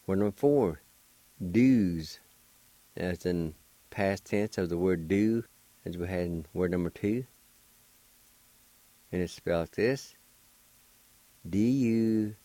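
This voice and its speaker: Older guy from oklahoma, radio language lesson, real low voice, slow and patient, spells stuff out and repeats it. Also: warm tone, no room sound. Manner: patient, deliberate, spells letter by letter and repeats each word. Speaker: radio host teaching Cherokee words.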